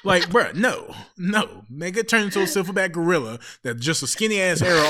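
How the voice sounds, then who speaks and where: A man chatting casually on a podcast as a player, excitable and full of swearing. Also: on the high side, fairly quick, hardly any pauses.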